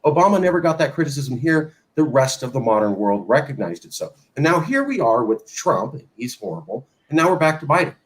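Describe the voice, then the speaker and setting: A man's voice: mid-range voice, very animated, a little fast, few pauses, poor audio. A man hosting a political talk show, speaking with sarcastic emphasis and mocking the people he quotes. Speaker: host.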